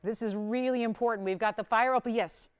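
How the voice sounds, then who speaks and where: A woman's voice: on the high side, fairly even intonation, a little fast, clear, resonant tone. A woman hosting a live shopping broadcast, talking through jewelry deals in a chatty, upbeat sales patter. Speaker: shopping channel host. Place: TV studio.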